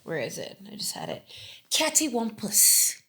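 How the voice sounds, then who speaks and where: A woman's voice: on the low side, moderate pace, a bit bright. A woman co-hosting a casual podcast, reading out word definitions and laughing easily between them. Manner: reads word definitions aloud, laughs often. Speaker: podcast co-host.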